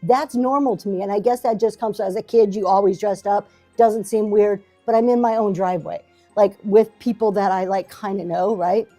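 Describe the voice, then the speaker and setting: Here a middle-aged woman hosts a casual basement livestream, her voice medium-pitched, steady and warm at a moderate pace, with faint music behind. As a seller and talk show host facing the camera, she rambles and encourages viewers, self-deprecating and filling her talk with fillers and restarts.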